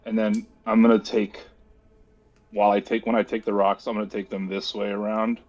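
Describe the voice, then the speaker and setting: A man's voice: on the low side, flat delivery, a little fast, a little mellow, lo-fi sound. A man playing a tabletop game, speaking briefly and matter-of-factly. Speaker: player. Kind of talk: casual tabletop play.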